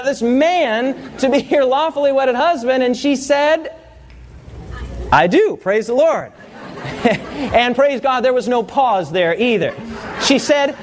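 A man preaching a sermon, telling a personal story and asking the congregation questions. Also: very high voice.

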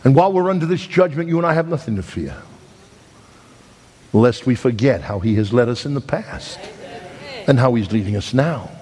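A middle-aged man preaching a sermon, telling a story with dramatic swings between loud emphasis and hushed, slow lines. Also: medium pitch, expressive. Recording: long hall reverb.

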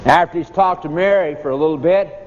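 A male preacher with a high voice delivers an emphatic, dramatic sermon. The sound is dull and lo-fi, carried by a long hall reverb with faint noise behind it. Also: a little fast.

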